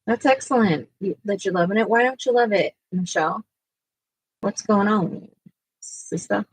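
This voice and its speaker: A woman's voice: mid-range voice, normal speed, breathy edge, no room sound, poor audio. A woman chatting casually while painting at home, cooing sing-song at her dogs. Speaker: artist and vlogger.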